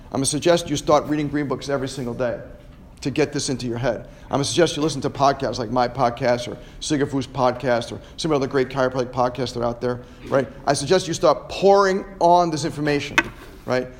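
A man's voice: medium pitch, quick pace, a little hiss or hum. A man hosting a podcast, giving an emphatic motivational talk to students and ending many phrases with "right?". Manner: emphatic, repeats "right?" often. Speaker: podcast host and chiropractor.

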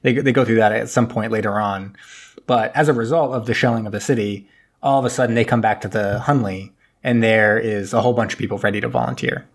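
A man's voice: on the low side, fairly even intonation. A man casually recapping a movie on a podcast, rambling and briefly acting out characters as he goes. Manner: rambling, acts out characters in quick paraphrase. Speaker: podcast co-host.

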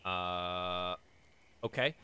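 A man narrating as game master of a tabletop game, telling the scene in a lively storytelling way with fillers and restarts. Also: sits low, extremely slow, clean tone.

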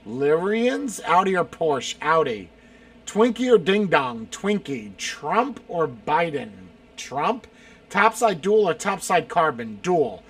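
A man quickly answering rapid-fire either-or questions in a casual chat, swearing freely and now and then shouting or laughing. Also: fairly high pitch, big pitch swings. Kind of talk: casual chat, lightning round.

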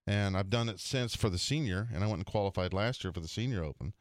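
A man telling a golf story on a radio show, animated and playing the other people's voices as he goes. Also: on the low side, fast talker, dry recording, clean studio sound. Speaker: golf radio show regular, tour pro. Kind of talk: casual storytelling chat. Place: radio studio.

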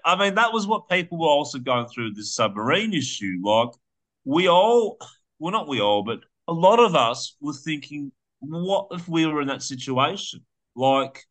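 A man with a bright, forceful voice retells a story on a podcast. He rambles casually, restarting phrases and dropping the odd curse as he goes. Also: a little high, animated, unhurried. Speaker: podcast co-host.

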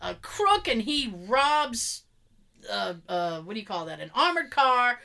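Lively Boston woman telling stories. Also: fairly high pitch, measured pace, gravelly. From Boston area. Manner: animated storyteller, laughs often, acts out quotes. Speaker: podcast co-host. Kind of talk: casual chat.

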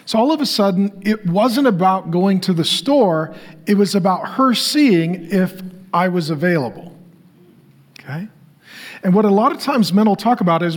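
A man's voice: sits high, lively intonation, unhurried. A middle-aged man preaching a sermon as pastor, conversational, with joking asides to the crowd.

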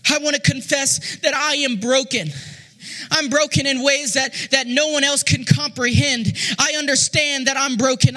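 High, bright-voiced preacher half-singing his sermon. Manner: rises into sung, shouted preaching cadence.

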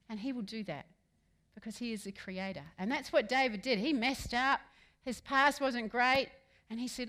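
A woman preaching a sermon in a church, lively and humorous, moving between soft asides and loud emphatic lines. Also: fairly high pitch, normal speed.

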